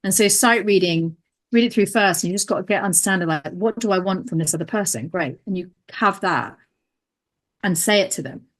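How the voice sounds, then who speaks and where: A woman's voice: medium pitch, brisk. A woman actress and comedian talking casually in an interview, explaining acting with energy. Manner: energetic, explains with acted-out examples.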